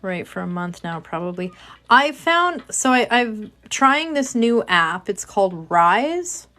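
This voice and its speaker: A woman's voice: medium pitch, big pitch swings, slow, pushed and bright. A woman chatting casually with her livestream viewers while she works on a craft project, joking at her own expense. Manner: chatty, self-mocking, talks to chat viewers. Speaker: livestream host.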